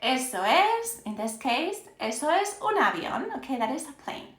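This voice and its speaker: Bright-voiced woman with a Spanish accent. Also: high-pitched, very animated, moderate pace. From Spain. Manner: upbeat, checks in with "okay?" after nearly every phrase. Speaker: Spanish teacher. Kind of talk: live-streamed language lesson. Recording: echoey room.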